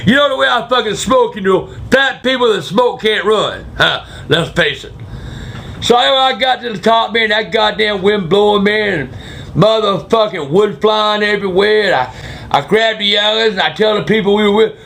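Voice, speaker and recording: An older man with a gravelly voice, telling a crude, swear-filled story as host of his own vlog. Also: high voice, normal speed. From South Carolina. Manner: crude, swearing constantly, loud outbursts. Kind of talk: profane storytelling.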